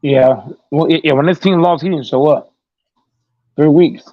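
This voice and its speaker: A man's voice: fairly high pitch, normal speed. A man in a casual sports chat, mostly chiming in with short agreements. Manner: brief agreeing interjections. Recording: dull dry lo-fi audio.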